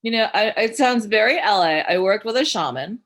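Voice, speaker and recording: A woman's voice: medium pitch, brisk. Blunt, foul-mouthed woman telling stories. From Newark, New Jersey, USA. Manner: blunt, swears freely, animated storytelling with voiced quotes. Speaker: filmmaker guest. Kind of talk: candid interview conversation.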